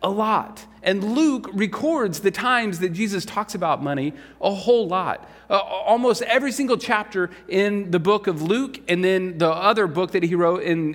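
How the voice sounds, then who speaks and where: Guy pastor preaching, chatty, lots of "right?" questions, slightly high voice, long hall echo. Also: a bit bright. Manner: conversational preaching with rhetorical questions. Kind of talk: sermon. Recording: long reverb of a large hall.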